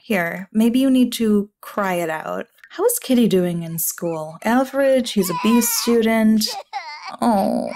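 In casual commentary on a life-sim game, a woman speaks to her characters as if they were her family, laughing frequently and exclaiming quickly. She's a gaming YouTuber with a mid-range, slightly mellow voice.

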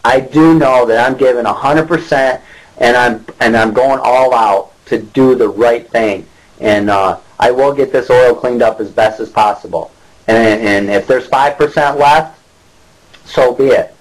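A man's voice: medium pitch, a little slow, poor audio. A middle-aged man from Michigan, speaking straight to the camera in an angry rant, indignant and repetitive, full of rhetorical questions. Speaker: local whistleblower.

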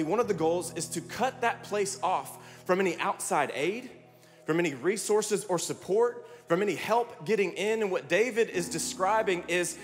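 A man preaching a sermon as pastor, energetic and rallying his congregation with repeated calls to respond. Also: high voice. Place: large church hall. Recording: long hall reverb, music behind.

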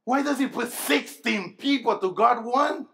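Slow, high-voiced man preaching a sermon. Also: vocal fry, a little hiss or hum. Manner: call-and-response, asking the crowd questions; swings between low, quiet stretches and loud emphatic bursts. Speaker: pastor. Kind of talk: sermon to a youth rally.

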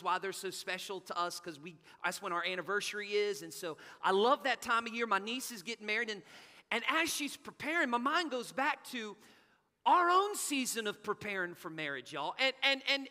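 A man's voice: sits high, sharp tone. A man preaching a sermon as pastor, emphatic, rereading lines and joking with the congregation. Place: church sanctuary. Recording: church hall reverb with music behind.

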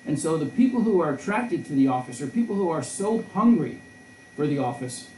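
Mellow-voiced male professor in a roomy echo. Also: a little high, sing-song, brisk, distant mic, slight background noise. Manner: discursive, storytelling, frequent restarts. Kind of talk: conversational lecture. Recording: roomy echo, voice a bit off-mic.

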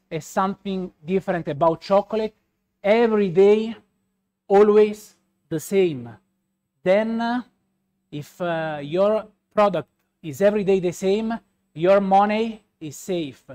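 Roman Italian pastry chef, native Italian speaker, slow and fumbling in English, slightly raised pitch. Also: male voice. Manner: slow, halting, many fillers. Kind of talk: live product demo.

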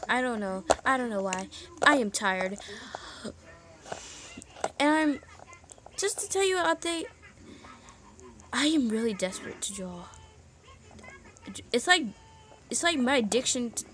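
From her bedroom at home, a woman vlogger speaks into her phone, her voice on the high side, drifting into moody, self-deprecating rambling and occasionally half whispering, with background noise present.

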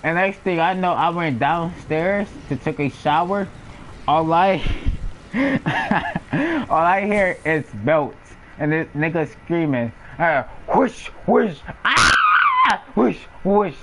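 A young man tells stories from his past in loose, slang-heavy talk, laughing as he goes. His voice sits a little high and swings up and down with energy. A faint hum of the room stays behind him. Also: slow, low-quality recording. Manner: animated, laughs often, heavy slang, acts out sounds. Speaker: storyteller. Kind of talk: casual storytelling.

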